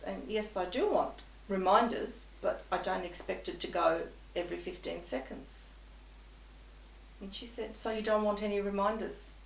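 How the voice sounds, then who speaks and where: A woman's voice: mid-range voice, vocal fry, distant mic, a little hiss or hum. A woman guest telling an anecdote in conversation, animatedly acting out both sides of the dialogue. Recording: echoey room.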